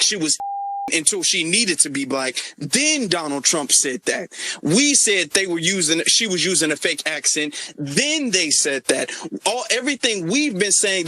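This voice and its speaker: A man's voice: sits high, pushed and bright, dry recording. A man giving impassioned political commentary in an audio chat room, emphatic and repetitive.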